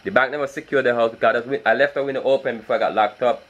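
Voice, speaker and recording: A man's voice: mid-range voice, steady tone, racing, a bit bright, highs cut off. A man recording a casual video diary, stressed and repeating himself, with nervous laughs between his words. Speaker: vlogger.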